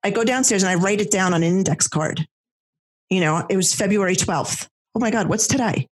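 A woman, telling a personal story in casual chat, animated and full of fillers and restarts. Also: mid-range voice, brisk.

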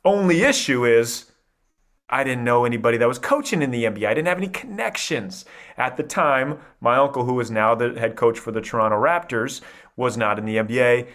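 A man in his thirties from Iowa, telling his life story as a podcast guest in an animated, energetic way. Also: medium pitch, a little fast. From Iowa, USA. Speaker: podcast guest, mindset coach. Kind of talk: storytelling interview.

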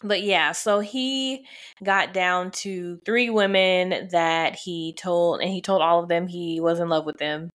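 A woman's voice: lowish voice, slow pace, a bit bright. A young woman co-hosting a casual chat, recapping with lots of fillers and little laughs. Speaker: podcast co-host.

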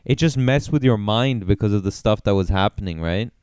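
A man's voice: lowish voice, lively intonation, a little fast, a little mellow, clean tone, no echo, studio quality. A man in his twenties co-hosting a casual podcast, rambling loosely and joking with lots of fillers. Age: 20s. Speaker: podcast co-host. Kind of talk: casual chat.

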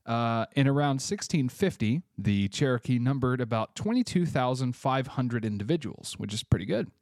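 A man's voice: medium pitch, lively intonation, moderate pace, darkish tone, dry recording, clean studio sound. A man from Tennessee, hosting a casual solo podcast with offhand, chatty asides, a bit congested. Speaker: podcast host.

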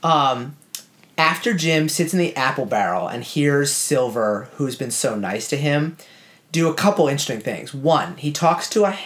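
A man's voice: mid-range voice, animated, fairly bright tone. Man, podcast co-host, casual book talk, filler-heavy, reads passages aloud. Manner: conversational, with filler words and quick asides. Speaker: podcast co-host discussing a novel.

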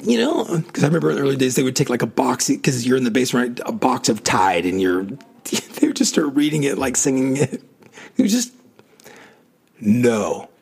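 A man's voice: mid-range voice, vocal fry, husky. A man telling an emotional personal story in a casual way, acting out quotes and laughing often. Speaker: storyteller recalling his music past.

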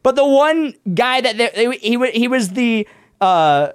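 Animated, exasperated woman ranting. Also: on the high side, measured pace, clean tone. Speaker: podcast co-host. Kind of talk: casual ranting chat.

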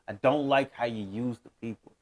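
A podcast co-host in casual sports chat, speaking in a reflective, soft-spoken way. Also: male voice, medium pitch, steady tone, normal speed.

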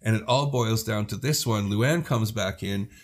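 A man's voice: on the low side, normal speed. A man co-hosting a podcast, telling a long story in casual chat, swearing freely and laughing mid-sentence. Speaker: podcast co-host.

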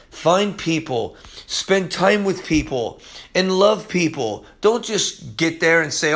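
Excitable preacher with a higher voice. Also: male voice, slow pace. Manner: excitable and emphatic, swings from loud to hushed; casual slangy talk, often says "man". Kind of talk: informal Bible teaching.

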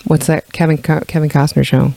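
A woman's voice: deep voice, little pitch movement, fairly quick, vocal fry, dark tone, no room sound. A young woman co-hosting a podcast in casual chat, giggly and teasing. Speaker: podcast co-host.

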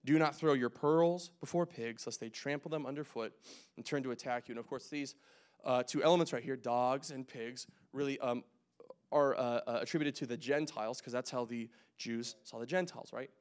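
A young man preaching a casual, conversational sermon, joking and making quick asides as he works through scripture. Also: medium pitch, smooth. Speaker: pastor.

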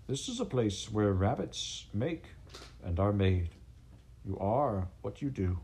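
A man voicing a grand, shouting old male rabbit master craftsman in an audiobook. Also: lowish voice, expressive, slow pace. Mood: proclaiming.

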